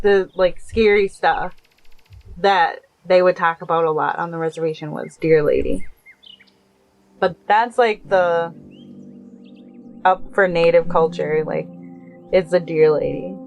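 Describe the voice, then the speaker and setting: A woman's voice: fairly low pitch, darkish tone. A woman from North Minneapolis casually telling a true scary story in a chatty, rambling way with lots of fillers. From North Minneapolis, USA. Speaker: caller sharing a true story.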